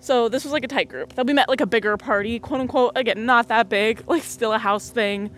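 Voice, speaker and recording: A woman's voice: a little high, a little fast, a bit bright, slight background noise. A young woman hosting a casual solo podcast, rambling and laughing often as she talks on a walk, recorded on a phone in her pocket. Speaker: podcast host. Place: outdoors on a muddy walk.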